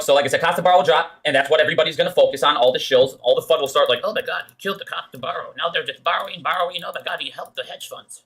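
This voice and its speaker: Brief: rapid-fire male streamer, bright and tense tone, pushes his point hard. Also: on the high side. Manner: rapid, insistent, profane explaining. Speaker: stock market streamer. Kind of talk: market commentary explaining a chart.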